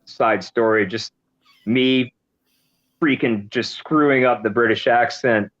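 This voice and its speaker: A man's voice: mid-range voice, fairly even intonation, slow, a bit bright, muffled recording. A man guesting on a podcast over a video call, easygoing and laughing at himself. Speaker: guest YouTuber. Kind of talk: casual chat.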